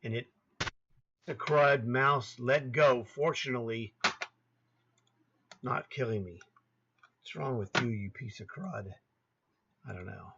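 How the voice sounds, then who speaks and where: Speaking slowly with vocal fry and frequent pauses, a medium-pitched man in his sixties teaches chess via screen share on a laptop setup. He chats, names squares aloud, and grumbles to himself at times, and the recording is muffled with heavy background noise.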